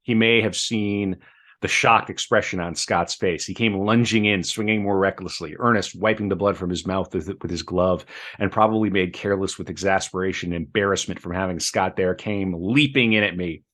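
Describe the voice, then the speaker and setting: A man reading book passages aloud on a podcast, measured, with chatty asides between. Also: deep voice, fairly bright tone.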